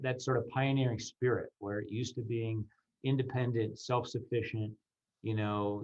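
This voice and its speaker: A man from the ski business weighs his words on a discussion panel, with a lowish voice. He often restarts and repeats himself, and the audio sounds dull and lo-fi. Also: a little mellow. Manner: measured, thoughtful, repeats words. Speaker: ski area executive.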